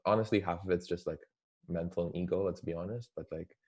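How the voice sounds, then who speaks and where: Deep-voiced young man, loose filler-heavy chat. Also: quick pace, slightly rough, lo-fi sound. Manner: relaxed, heavy use of "like" fillers. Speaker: guest. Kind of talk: casual chat.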